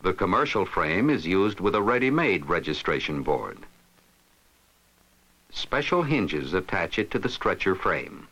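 A man with a somewhat low voice narrates an instructional film. His delivery is scripted and methodical, with a lively, rising and falling pitch as he explains each step. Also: unhurried, slightly rough, rough recording.

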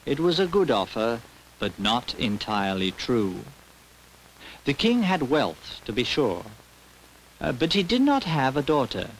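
Expressive man reading a storybook aloud. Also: medium pitch, a little slow, slight background noise, poor audio. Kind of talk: storybook narration.

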